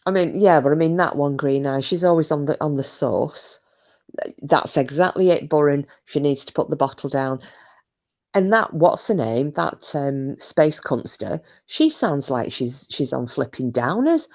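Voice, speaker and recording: A woman's voice: sits low, lively intonation, unhurried, a little mellow. A woman hosting a live stream, chatting casually, reading out comments and talking bluntly with plenty of swearing. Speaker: livestream host.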